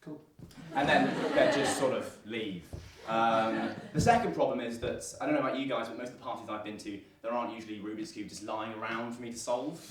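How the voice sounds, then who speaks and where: A man's voice: medium pitch, steady tone, quick pace, hardly any pauses, far from the mic. A young man doing a stand-up comedy set at a student comedy night, with a dry, self-deprecating delivery full of ums and uhs. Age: young adult. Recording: echoey room taped from afar, audible noise. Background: audience laughter.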